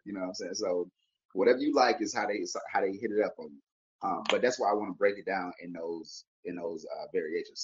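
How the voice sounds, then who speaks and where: A man's voice: low-pitched, husky. A man hosting a podcast, talking in a casual, slangy, rambling way, full of repeated fillers. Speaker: podcast host. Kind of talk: casual monologue. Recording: slightly muffled audio.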